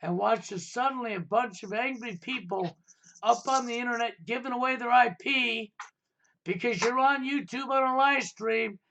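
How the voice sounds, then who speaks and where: A man's voice: extremely high pitch, moderate pace, creaky, sharp tone. A man hosting a live stream, ranting insistently and repeating rhetorical questions. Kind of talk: heated political talk stream.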